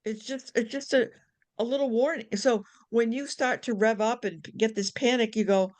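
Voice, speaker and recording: A woman nurse chatting on a video call with friends, animated, acting out inner voices, with many restarts and casual swearing. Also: on the high side, moderate pace. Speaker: nurse, book club member.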